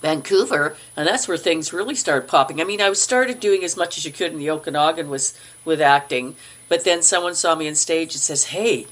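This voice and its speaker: Animated middle-aged woman telling stories. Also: a little fast. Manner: animated, acts out quoted voices with big pitch jumps. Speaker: guest actor. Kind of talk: casual interview storytelling.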